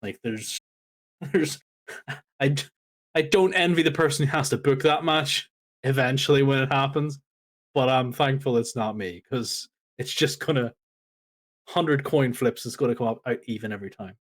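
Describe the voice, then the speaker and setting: A man co-hosting a casual podcast chat, ranting in an exasperated, animated way. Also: medium pitch, normal speed. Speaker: podcast co-host.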